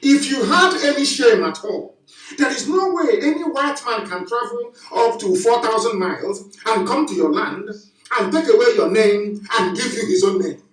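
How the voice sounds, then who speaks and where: A man's voice: high voice, expressive, normal speed. A man giving an impassioned live broadcast address, preaching emphatically with rhetorical questions and repetition. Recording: echoey, distant from the mic.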